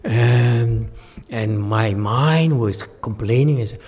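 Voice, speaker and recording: A man giving a Buddhist Dharma talk as a Chan master, telling a story with lively acted-out quotes. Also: mid-range voice, slow, breathy edge. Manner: animated storyteller who acts out quoted speech and laughs at his own jokes.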